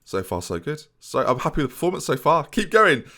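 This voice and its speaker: A young man commentating on his own football management game, excitable and talking to his viewers. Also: fairly high pitch, quick pace. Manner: excitable, mock-commentator, addresses viewers constantly. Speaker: gaming YouTuber.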